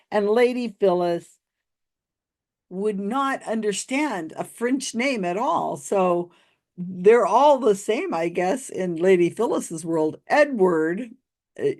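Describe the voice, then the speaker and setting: A woman's voice: medium pitch, a little mellow. A woman hosting skeptical commentary on a psychic reading, sarcastic and mocking, often laughing. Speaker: host reviewing a psychic reading.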